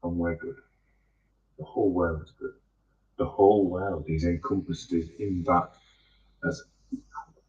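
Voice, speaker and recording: A man's voice: deep voice, steady tone, measured pace, pauses often, a little mellow, distant mic, highs cut off. A man in a rambling, profane, angry monologue. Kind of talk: ranting monologue.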